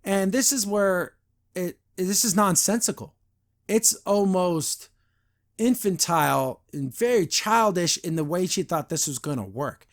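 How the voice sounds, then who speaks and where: Opinionated man with a slightly high voice. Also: animated, unhurried. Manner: blunt, opinionated and critical; retells scenes, briefly imitating characters. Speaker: podcast host reviewing a cartoon. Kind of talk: casual review commentary.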